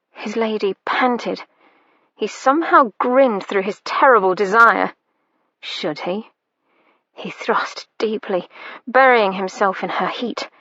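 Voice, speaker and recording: Slow, bright-voiced woman narrating. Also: mid-range voice, no echo, highs cut off. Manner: slow, measured reading. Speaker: audiobook narrator. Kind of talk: scripted narration.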